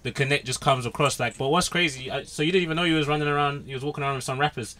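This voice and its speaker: A man's voice: fairly high pitch, very fast, bright, forceful tone. A man with a London accent, co-hosting a casual interview and teasing the guest with joking slang-filled banter. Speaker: co-host.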